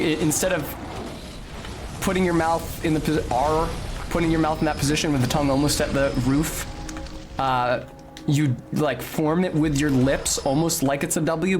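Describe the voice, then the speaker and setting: A man's voice: on the high side, background noise. A man streaming a video game, chatting casually with precise, articulate diction and sudden bursts of swearing at the game. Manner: talks of sounding like a snob. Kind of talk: casual gameplay commentary.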